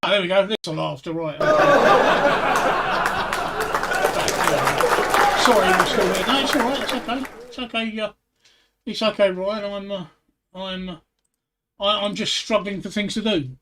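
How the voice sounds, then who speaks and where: Male streamer, high-pitched and halting, telling jokes at home. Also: a loud crowd, heavy background noise. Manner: hesitant, stammers and repeats words. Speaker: host. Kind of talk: casual livestream chat telling jokes.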